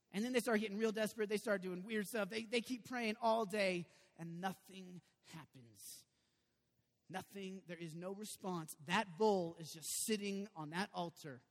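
Male pastor, high voice, animated chatty preaching with loud bursts, echoing hall. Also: moderate pace. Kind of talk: sermon. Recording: long reverb of a large hall.

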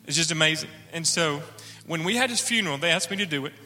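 A man's voice: on the high side, expressive, fast, pushed and bright, big-room sound. A man sharing an earnest personal testimony in church, acting out the dialogue as he tells it. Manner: earnest storytelling, acts out dialogue.

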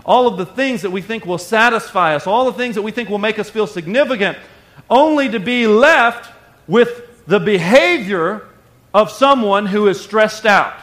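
A man's voice: high voice, expressive, normal speed, fairly bright tone. A man preaching a conversational sermon and acting out the voices of everyday people. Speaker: pastor.

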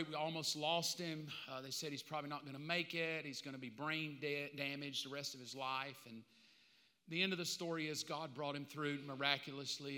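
Bright-voiced middle-aged preacher. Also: male voice, on the high side, big-room sound. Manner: impassioned, conversational preaching with dramatic pauses. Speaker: pastor. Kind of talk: sermon. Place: church sanctuary.

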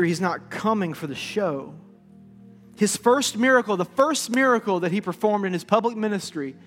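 A male pastor with a notably high voice preaches in a church hall, and his words ring on in the long reverb while faint music plays beneath. He tells stories with lively energy, then drops to a hush when he drives a point home. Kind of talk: sermon.

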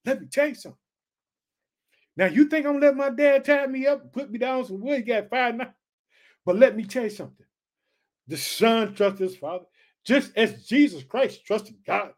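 A fired-up man preaching, his voice sitting high for a man. He reads scripture and then breaks into excited commentary, stirring up his listeners and calling them family. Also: normal speed, pauses often. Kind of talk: excited Bible-reading sermon.

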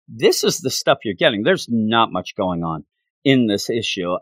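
A man's voice: mid-range voice, a bit bright, no room sound. A man casually reviewing a comic issue, chatty and full of opinionated asides.

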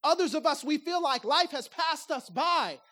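Preaching in a chatty style, this woman uses a high, expressive voice with a bright, forceful tone and a moderate pace. Rhetorical questions and acted-out bits of ordinary talk drive her points home, with occasional laughter in between.

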